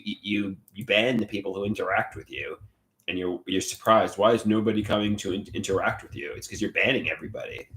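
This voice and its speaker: A man with a fairly low, somewhat bright voice runs a casual livestream, rambling and repeating himself. As comments come in, he reads them and says hello to each viewer by name.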